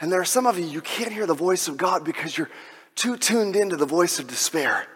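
Dramatic high-voiced male preacher in a hall. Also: animated, fairly quick, slightly rough. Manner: dramatic, swings between loud exhortation and hushed near-whispers. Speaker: pastor. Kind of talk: sermon. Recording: long reverb of a large hall.

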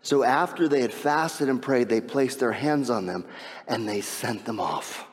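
A man preaching a sermon to a congregation, animated and full of rhetorical questions, coaxing listeners along with "come on" and "right?". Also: mid-range voice, unhurried. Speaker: pastor. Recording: long reverb of a large hall.

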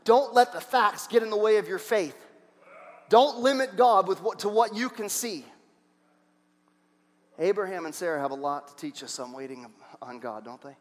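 High-voiced pastor preaching in a hall. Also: male voice, moderate pace. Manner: animated, asks the congregation questions, restarts. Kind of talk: sermon. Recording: long hall reverb.

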